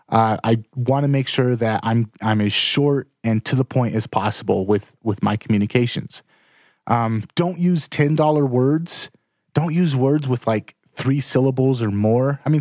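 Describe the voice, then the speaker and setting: A man in his thirties gives plain-spoken advice, direct and emphatic, in an easy conversational way. His voice sits at an ordinary middle pitch. The recording is dry, with no room sound around it. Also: darkish tone, no room sound. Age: 30s. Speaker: blogger giving writing tips. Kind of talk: casual instructional talk to camera.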